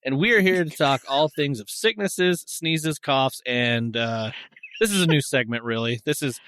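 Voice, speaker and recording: A man's voice: mid-range voice, moderate pace, fairly bright tone, clear, resonant tone, dry recording. A man in his thirties hosting a podcast in casual chat, joking and laughing often. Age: 30s. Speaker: podcast host.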